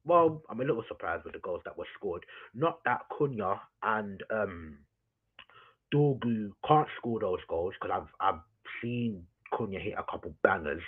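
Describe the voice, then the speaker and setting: A man's voice: fairly low pitch, sing-song, a little slow, slightly rough. A man ranting about his football team on a live stream, swearing, repeating himself and calling his chat "people.". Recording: tinny phone-like audio.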